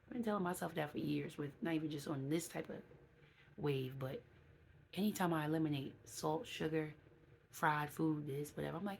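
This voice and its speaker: Low-voiced woman chatting away on her vlog, candid and lively, bit of faint hiss behind. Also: moderate pace, vocal fry. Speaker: vlogger. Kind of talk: casual vlog talk.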